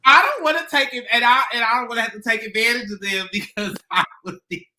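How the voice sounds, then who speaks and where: A woman's voice: a little high, fast. A woman co-hosting a casual chat show, telling stories with lots of laughter. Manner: animated storytelling, laughing often. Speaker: co-host.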